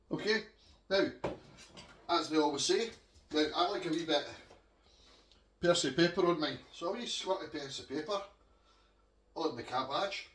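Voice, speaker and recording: A man's voice: a little high, roomy sound, far from the mic, a little hiss or hum. A Scottish man chatting homely to viewers while he cooks in his kitchen. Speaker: home cook vlogger. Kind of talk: casual cooking demonstration. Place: home kitchen.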